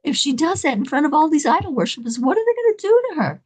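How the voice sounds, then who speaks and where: A woman telling an inspirational story in an animated, dramatic way, laughing between lines. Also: high voice, fast talker.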